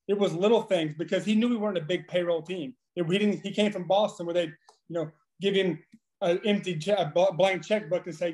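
A man in his thirties, a former pitcher guest on a podcast, telling profane, animated stories with frequent laughing. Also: fast. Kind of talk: casual storytelling.

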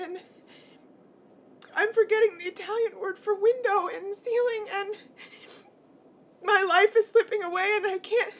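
An actress playing a high-voiced, anguished young sister. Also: female voice, highs cut off. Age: 20s. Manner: tearful, anguished outbursts. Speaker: stage actor. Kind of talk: live stage acting.

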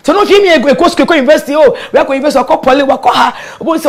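A woman with a Ghanaian accent, a guest telling her own story in an interview, animated and quick to laugh, mixing local words into her English. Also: sits high. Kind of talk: candid personal storytelling in an interview.

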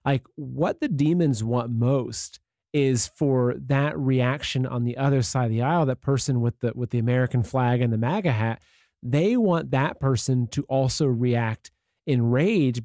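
Male host, mellow tone, chatty and filler-heavy, dry close sound. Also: medium pitch, moderate pace, no echo. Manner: conversational, with many fillers like "like" and "you know". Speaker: interview host. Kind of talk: casual interview talk.

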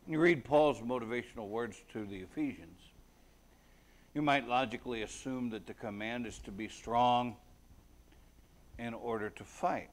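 A man's voice: mid-range voice, normal speed, pauses often. A man preaching a sermon at a prayer meeting, talking earnestly and conversationally, with bursts of emphasis and scripture read aloud. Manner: reads scripture aloud in King James wording.

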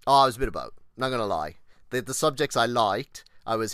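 A man's voice: fairly low pitch, lively intonation, fairly quick, fairly bright tone, no echo, clean studio sound. A man on a podcast as a guest, casually telling personal stories, swearing freely and acting out the people he quotes, often restarting and drifting onto tangents. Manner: rambling, restarts and goes on tangents. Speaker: podcast guest, exercise physiologist.

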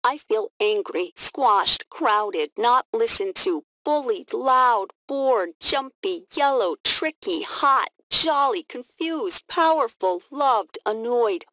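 A woman's voice: mid-range voice, slow pace, no room sound. A woman voicing a moody young schoolboy who bursts out with rising, frantic feelings. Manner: excitable, rising to frantic outbursts.

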